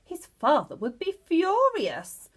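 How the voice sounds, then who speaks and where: Lively slow woman reading a storybook. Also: very high voice. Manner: expressive, slow, lively narration. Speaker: teacher reading aloud. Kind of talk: storybook read-aloud for children.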